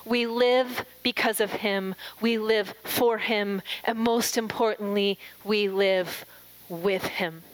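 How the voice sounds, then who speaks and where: A middle-aged woman preaching an earnest, emphatic sermon, slowing and softening her voice on scripture quotes. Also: medium pitch, fairly even intonation, poor audio.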